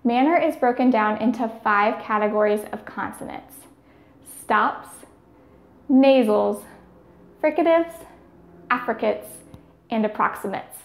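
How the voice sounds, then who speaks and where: A woman's voice: fairly high pitch, unhurried, pauses often, roomy sound. A woman giving scripted speech therapy instruction, carefully demonstrating each sound.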